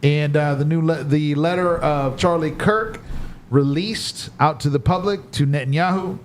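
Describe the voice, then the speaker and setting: A man's voice: fairly high pitch, a little slow, slight background noise. A man co-hosting a casual podcast, joking as he runs through a list of topics. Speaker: podcast co-host.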